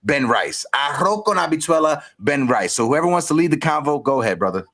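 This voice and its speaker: A man hosting a casual live-stream sports chat, giving shout-outs, repeating himself and greeting guests. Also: fairly high pitch, sing-song, brisk. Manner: hypes people up, shout-outs, repeats phrases. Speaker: host.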